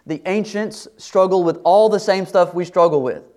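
A middle-aged man preaching a sermon to his congregation in a conversational way, sometimes dropping to a soft, confiding tone. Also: sits high, moderate pace. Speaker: pastor.

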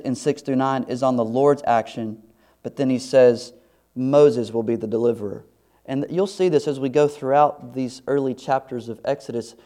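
A middle-aged man preaching a sermon, lively and animated, climbing loud and high in excited bursts and dropping soft in quiet moments, with frequent restarts. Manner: stumbles and restarts often, chuckles. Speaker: pastor.

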